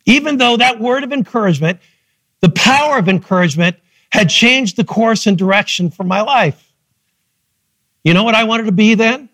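A middle-aged man preaching a sermon as pastor, telling his story with lively, acted-out quotes. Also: high voice, moderate pace, no room sound. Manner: animated storytelling, acting out quotes. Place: church.

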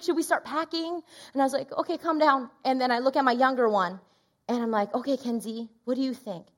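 Animated woman telling a sermon story. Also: a little high. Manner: animated storytelling, acts out quoted voices. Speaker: pastor. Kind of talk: sermon testimony.

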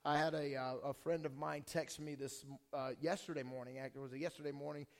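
A male pastor preaching a sermon with a strained, hoarse voice, casual and joking, with many fillers and restarts. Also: fairly high pitch, steady tone, fairly quick. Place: church hall before a congregation. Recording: long hall reverb.

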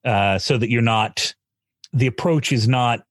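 A man's voice: medium pitch, a little slow, no room sound, clean studio sound. A middle-aged man, a singing teacher, explaining his approach thoughtfully in a podcast conversation.

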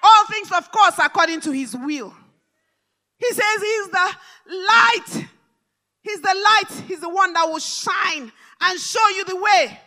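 A woman preacher delivering a live church sermon, fervent and repetitive, rising to shouted declarations. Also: very high-pitched, a little slow. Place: large church hall service.

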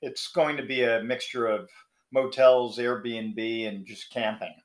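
A man's voice: medium pitch, steady tone, takes it slowly. A man who is a guest in a casual interview, explaining things plainly and matter-of-factly. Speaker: interview guest, cross-country cyclist.

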